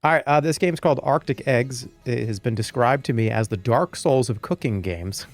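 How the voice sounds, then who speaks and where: A man, chatting casually on a live stream, rambling and joking, now and then breaking into loud animated rants. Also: mid-range voice, creaky, no room sound.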